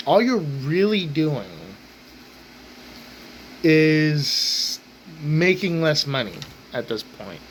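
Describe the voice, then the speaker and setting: Man, angry profane rant, blunt, slightly higher voice, faint air-conditioner hum. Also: a bit bright, low-quality recording. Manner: blunt, swearing constantly. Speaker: rant channel host.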